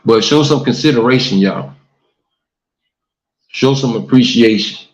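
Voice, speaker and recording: A man hosts a casual livestream talk show, reading comments and preaching earnestly to viewers, often saying "man" and "y'all." His voice is medium-pitched and a little slow, captured on a livestream mic in an echoey room with dull lo-fi stream audio.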